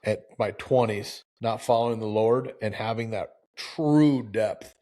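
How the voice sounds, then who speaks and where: A man in his forties hosting a live talk show, preachy and animated, with lots of restarts and acted-out quotes. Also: fairly low pitch, measured pace. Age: 40s. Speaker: show host.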